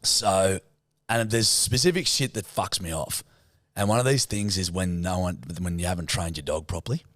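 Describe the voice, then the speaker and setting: A man's voice: low-pitched, normal speed, a bit bright, no echo, studio quality. A man with an Australian accent, co-hosting a podcast and telling a story with lots of swearing. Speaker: podcast co-host. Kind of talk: casual chat.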